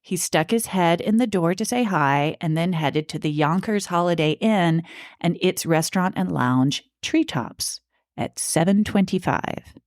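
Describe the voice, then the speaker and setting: A woman's voice: fairly low pitch, animated, measured pace, no room sound, studio quality. A woman co-hosting a podcast, telling a true-crime story in a casual, chatty way with asides. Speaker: podcast co-host.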